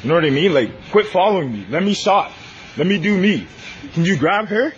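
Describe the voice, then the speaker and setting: A man filming on his phone inside a large store, loudly and insistently confronting staff who follow him. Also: high voice, expressive, a little fast, dull audio, slight background noise. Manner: loud, insistent, repeating demands. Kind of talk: heated filmed confrontation. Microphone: handheld phone recording.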